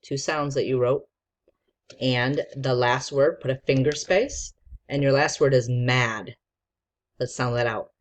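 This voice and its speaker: A woman's voice: extremely low pitch, fairly even intonation, measured pace. A woman teacher giving a patient, encouraging spelling lesson to young children and sounding out letters.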